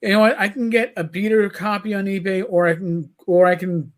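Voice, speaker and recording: A man's voice: high voice, flat delivery, fairly quick. A man with a New York accent co-hosting a podcast, chatting casually and telling stories animatedly, with frequent restarts. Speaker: podcast co-host. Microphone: computer microphone on a live stream.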